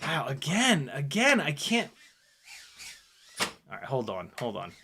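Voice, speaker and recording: A young man giving casual running commentary while flying a drone, excitable, often exclaiming and laughing, swearing casually. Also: on the high side, slow, noisy background. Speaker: FPV drone pilot and video host.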